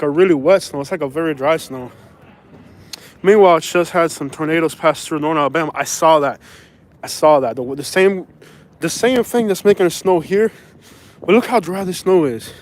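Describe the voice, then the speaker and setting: A Florida vlogger with a Southern accent rambles in slangy street talk while walking a snowy, windy street, filming on a handheld phone. His voice is fairly high and moderately paced, with traffic and outdoor ambience behind him.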